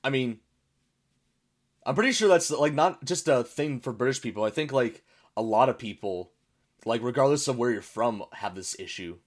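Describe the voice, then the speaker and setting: A man's voice: mid-range voice, animated, moderate pace. A man hosting a casual reaction video, rambling through chatty explanations and laughing often. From United States. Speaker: YouTube reaction host.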